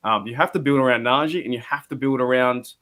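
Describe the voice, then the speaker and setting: A man's voice: mid-range voice, fast talker, a bit bright. A man with an Australian accent calling in to a sports show, talking animatedly with frequent restarts. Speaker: caller. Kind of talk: casual sports call-in chat.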